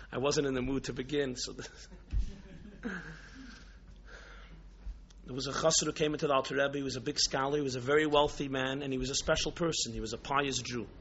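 A man's voice: medium pitch, steady tone, a little fast, long pauses, fairly bright tone, lo-fi sound. A man, a Jewish religious teacher, giving a sermon with a story, impassioned and full of rhetorical questions.

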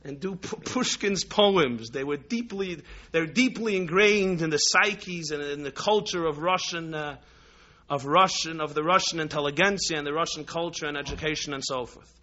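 Rabbi from New York, storytelling sermon, high bright voice. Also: male voice, moderate pace, highs cut off. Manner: animated, repetitive storytelling with restarts.

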